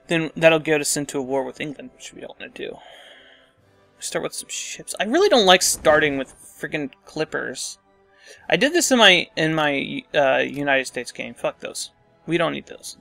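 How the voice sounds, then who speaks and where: A man's voice: fairly high pitch, gravelly, fairly bright tone, dry recording. A man casually commenting on a strategy game as he plays, thinking aloud and muttering asides to himself. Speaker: let's play host.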